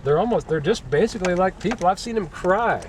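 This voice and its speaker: Sex: man. Pitch: a bit high. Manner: animated storyteller. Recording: outdoors, mic at a distance, faint noise. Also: fairly quick. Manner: animated storyteller who acts out what people said. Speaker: vlogger on a camping and gold-dredging trip. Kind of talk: casual storytelling chat and solo talk to camera. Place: outdoor camp on a wooded mountain hillside.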